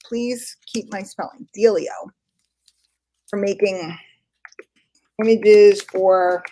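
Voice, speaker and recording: A woman's voice: mid-range voice, steady tone, slow pace, dark tone. A woman hosting a casual live stream, chatty and giggly, talking as she works on screen. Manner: chatty, giggly, self-deprecating. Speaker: host. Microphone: computer mic, screen sharing.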